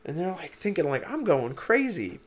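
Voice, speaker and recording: Young man, podcast co-host, swings his pitch around, animated storytelling, swears a lot. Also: moderate pace. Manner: animated storyteller who acts out quotes, swears freely. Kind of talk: casual chat.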